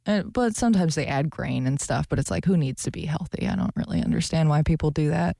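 A woman's voice: low voice, lively intonation, quick pace, creaky, warm tone, no echo, studio quality. A young woman co-hosting a radio show, chatting casually and animatedly, often laughing. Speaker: radio co-host. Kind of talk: casual chat.

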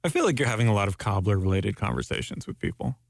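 A man's voice: on the low side, big pitch swings, fast talker, creaky, dry recording, studio quality. A male radio host chatting casually and wryly with his co-host, and introducing a song. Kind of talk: casual chat.

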